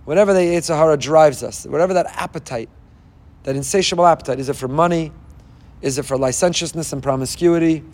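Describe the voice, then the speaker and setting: A man's voice: fairly high pitch, fast talker, a little mellow. A man giving an impassioned sermon as a rabbi, firing off rhetorical questions and weaving in Hebrew phrases. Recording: long hall reverb.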